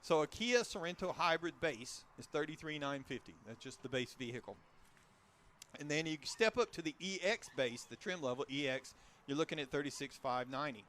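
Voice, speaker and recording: A man's voice: on the high side, animated, fairly quick, a bit bright, slight background noise. A man co-hosting a car show, chatting casually and reeling off prices and specs. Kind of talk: casual outdoor chat.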